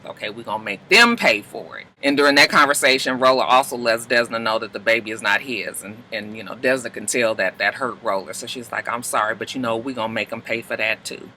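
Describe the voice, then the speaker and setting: Animated bright-voiced man recapping a show. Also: low-quality recording. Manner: animated, acts out characters' lines in high put-on voices. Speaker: TV episode recap reviewer. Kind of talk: casual recap of a TV episode.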